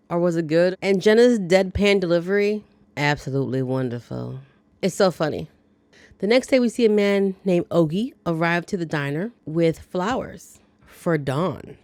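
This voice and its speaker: A woman hosts a casual movie recap, talking through scenes with playful asides and quick reactions. Her voice sits on the lower side. The recording is dry, with no room sound. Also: a little mellow, no room sound. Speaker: movie review host.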